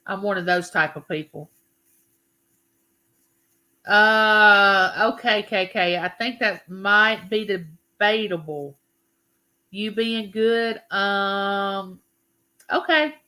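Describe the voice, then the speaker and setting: A woman's voice: medium pitch, extremely slow, long pauses, pushed and bright. A woman hosting a casual live stream, chatting and greeting her viewers by name. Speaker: livestream host.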